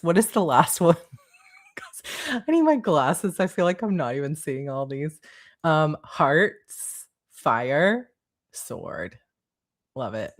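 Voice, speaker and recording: Low-pitched woman, casual livestream host, giggly and chatty at her desk mic. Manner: bubbly, giggly, reads chat aloud. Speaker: author hosting a livestream.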